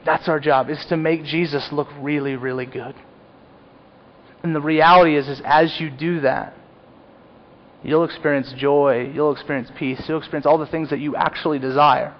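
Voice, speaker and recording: A man's voice: fairly high pitch, steady tone, moderate pace. Earnest preaching man, muffled sound. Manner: earnest, confessional preaching with rising emphatic peaks. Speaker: pastor. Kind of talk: sermon. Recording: dull lo-fi sound.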